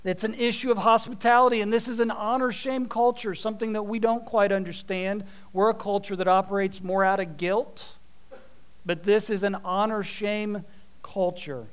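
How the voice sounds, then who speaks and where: Male preacher, high and crisp, animated sermon delivery with homey humor. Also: normal speed. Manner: animated storytelling with folksy asides.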